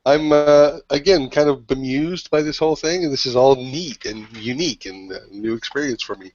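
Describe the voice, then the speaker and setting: A man playing a tabletop game, describing his character's actions in a relaxed way. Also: mid-range voice, no room sound, highs cut off. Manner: relaxed, unhurried. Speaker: player. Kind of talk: tabletop game play, casual.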